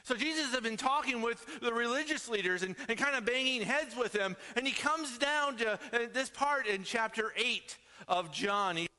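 A man's voice: extremely high pitch, moderate pace, few pauses, pushed and bright. A middle-aged man preaching a sermon as pastor, emphatic and full of rhetorical questions, in a church sanctuary. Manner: emphatic, peppered with rhetorical "right?". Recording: long reverb of a large hall.

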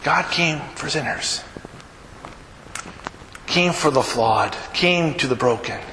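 A man delivers a sermon from a church sanctuary, his slightly high voice pressing hard and swelling toward near-shouts on key phrases. The sound rings with a long, roomy echo. Steady background noise sits under his words. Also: slow. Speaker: pastor. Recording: echoey hall with background noise.

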